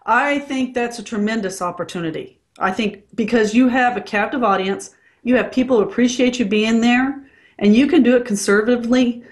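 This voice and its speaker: A woman's voice: on the high side, fairly quick. A woman working as a dental consultant, speaking frankly and bluntly in a casual interview.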